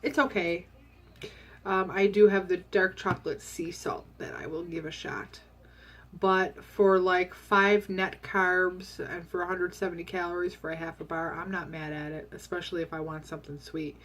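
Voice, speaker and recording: Speaking at normal speed in a level tone, a vlogger with a slightly low voice shares her diet update in a casual chat. She seems to be at home and talks candidly, rambling a lot and saying um often.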